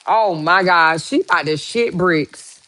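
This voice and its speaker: A woman hosting her own vlog, reacting out loud to news with exclamations and lots of swearing, talking straight to her viewers. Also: fairly low pitch, measured pace, low-quality recording. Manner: profane, exclamatory, talks to viewers. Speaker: vlogger host. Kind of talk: casual reaction commentary.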